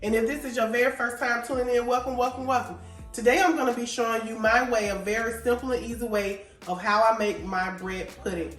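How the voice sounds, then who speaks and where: A woman's voice: a little high, steady tone, brisk, a bit bright, faint music behind. A woman hosting a casual cooking tutorial in her home kitchen, stuffed up from a cold and chatting in a down-home, informal way. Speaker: cooking show host.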